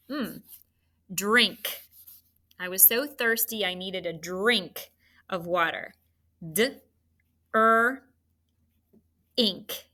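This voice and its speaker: A woman's voice: medium pitch, bright, forceful tone. A woman teaching a children's phonics lesson, spelling out letters and encouraging the students.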